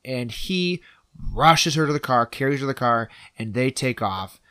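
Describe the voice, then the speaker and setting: A man's voice: mid-range voice, lively intonation, normal speed, pushed and bright, clear, resonant tone, no echo. A man in casual conversation walks through a film scene by scene. He is loose and profane and slips into quoted lines as he goes. His voice is recorded dry and close, with no room sound. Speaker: podcast co-host. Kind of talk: casual chat recapping a film.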